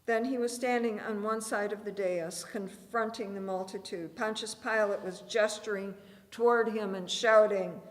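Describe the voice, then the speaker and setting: A woman reading a dramatic scripted narration aloud in a church, with deliberate storytelling. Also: mid-range voice, steady tone. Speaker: reader. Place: church sanctuary. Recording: reverberant church hall.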